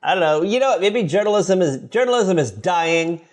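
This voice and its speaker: A man in his thirties with a high voice co-hosts a podcast, talking fairly quickly. He's playful and lively, joking around in casual chat.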